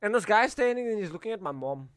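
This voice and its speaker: A young man with a South African accent, telling animated, laughing stories in casual chat on a stream. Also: sits high, quick pace, smooth, no echo, clean studio sound.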